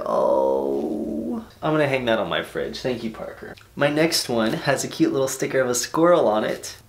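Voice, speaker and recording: A young man vlogging as he opens fan mail at home, excitable, swearing casually and laughing often. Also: mid-range voice, reverberant, a little hiss or hum. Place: bedroom at home.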